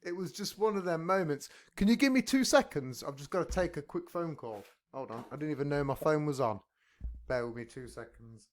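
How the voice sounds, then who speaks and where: A man's voice: a little high, expressive, a little fast. A man hosting a podcast, telling stories in casual chat and laughing at his own jokes. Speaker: podcast host. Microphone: headphones on.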